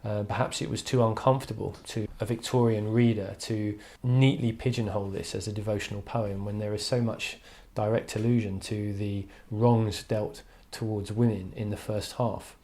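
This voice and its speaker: A man's voice: on the low side, flat delivery, normal speed, few pauses, darkish tone. A man teaching an English literature lesson online, talking thoughtfully with frequent "um"s and restarts. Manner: thoughtful, hesitant with frequent fillers.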